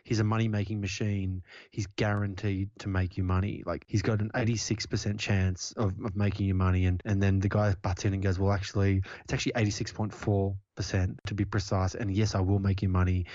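A man's voice: deep voice, level tone, brisk, hardly any pauses, darkish tone, no room sound. A man co-hosting a casual film podcast, rambling as he retells scenes with many fillers. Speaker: podcast co-host. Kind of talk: casual film-review chat. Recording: dull dry lo-fi audio.

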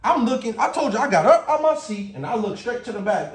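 High-pitched guy ranting and cussing nonstop, storytime vlog, echoey room. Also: fast. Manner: profane, animated, ranting and laughing. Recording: roomy echo.

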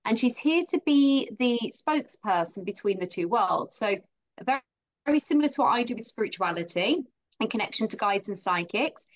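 A woman's voice: on the high side, lively intonation, a little fast. A woman hosting a live stream, bubbly and effusive as she greets viewers and introduces her guest. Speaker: host.

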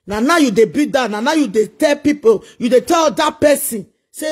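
A man's voice: very high voice, animated, normal speed, breathy edge. A man with a Nigerian accent delivering a preachy, scolding monologue full of repeated rhetorical questions. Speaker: social media commentator.

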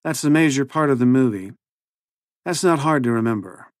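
A man's voice: mid-range voice, expressive, normal speed, no room sound, natural voice. A man playing a slightly drunk history teacher who lectures with dry irritation. The voice sits in a middle range and sounds close and dry. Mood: lecturing. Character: tipsy, pedantic male history teacher.

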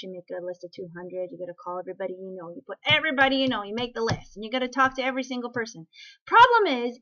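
An animated woman with a fairly high voice rants casually straight to camera. She keeps asking the listener rhetorical questions and trips over her own restarts. The sound is dull and lo-fi, like a home webcam. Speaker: network marketing vlogger. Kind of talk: casual talking-to-camera rant.

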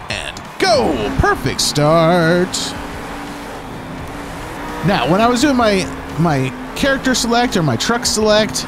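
A man hosting a gaming channel, giving upbeat, chatty let's-play commentary and now and then slipping into playful pirate talk. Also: fairly high pitch. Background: game music.

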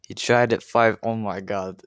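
A man's voice: lowish voice, steady tone, unhurried, clean tone, dry recording. Exasperated, swearing male commentator, dry sound. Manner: exasperated, rambling, stammering, swears a lot. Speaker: reaction commentator. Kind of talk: profane reaction commentary.

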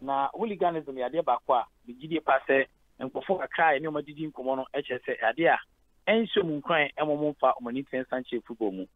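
A head of sport with a Ghanaian accent calls in to a radio show over a tinny phone line, talking fast in a mid-range voice on a dry recording. He gives lengthy phone-in sports analysis, mixing English into his Twi.

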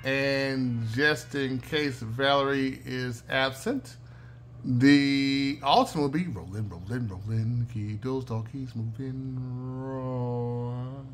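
A man's voice: mid-range voice, slow, slight background noise. A man hosting his own channel, chatting casually while scratching lottery tickets and calling out numbers in a sing-song chant. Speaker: channel host.

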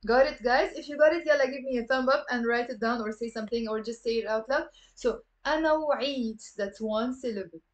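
A woman from Lebanon, a native speaker of Lebanese Arabic, teaching a live online lesson. She repeats words slowly and coaxes viewers to say them back. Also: a little high, fairly even intonation, muffled recording. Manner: patient, drills words aloud, coaxing viewers to repeat. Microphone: computer camera mic.

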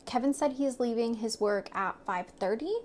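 A woman's voice: fairly high pitch, normal speed, a little mellow, slight background noise. A young woman chatting casually and easily to camera at home, laughing now and then as she vlogs. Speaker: vlogger. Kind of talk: casual vlog chat. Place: home kitchen.

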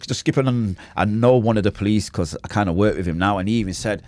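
A man with a Manchester accent tells his story as a podcast guest, rattling through it at high speed. His voice sits low, and the sound is dry and close with no room echo. He acts out quotes and gunshots and talks in street slang. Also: fast, a little mellow. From Manchester, England. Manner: street slang, swears oaths. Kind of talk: casual storytelling interview.

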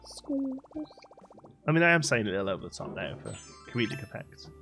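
An English man casually chatting on a live game stream, playful and quick to laugh while reading chat aloud. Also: on the low side, sing-song, vocal fry, sharp tone, soft background music. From England.

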